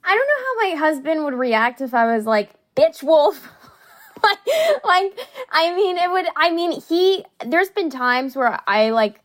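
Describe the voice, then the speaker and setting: A woman who is an actress, telling stories in a casual interview chat, chatty and animated with quick asides. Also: sits high.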